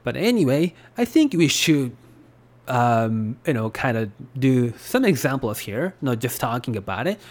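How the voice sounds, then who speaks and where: His mid-range voice is very animated but keeps a measured pace as the Japanese podcast host chats casually in his Japanese accent. He rambles freely and uses lots of fillers.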